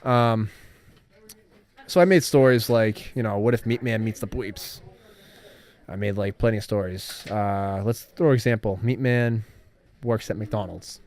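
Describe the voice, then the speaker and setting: A man's voice: on the low side, a little slow, pauses often, darkish tone. Rambling young man, hesitant storyteller. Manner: rambling, hesitant, full of fillers and restarts. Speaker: guest telling his made-up stories. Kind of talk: casual rambling chat on a livestream.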